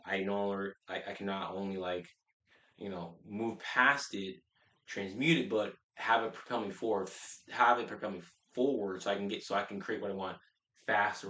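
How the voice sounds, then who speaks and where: A man's voice: on the low side, sharp tone, roomy sound. A man working as a life coach, giving a blunt, profane motivational talk to his viewers with lots of restarts and emphatic repetition. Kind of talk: casual motivational talk to camera.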